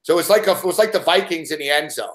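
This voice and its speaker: A man hosting a betting show, telling a story in a rambling, excitable way and swearing constantly. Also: a little high, racing. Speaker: sports betting show host. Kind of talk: profane casual storytelling.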